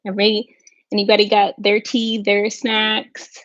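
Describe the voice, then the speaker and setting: A woman's voice: medium pitch, completely flat delivery, normal speed, fairly bright tone, dry recording, muffled recording. Chatty woman hosting a livestream. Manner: chatty, thinking aloud with fillers and asides. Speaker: livestream host. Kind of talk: casual chat with viewers.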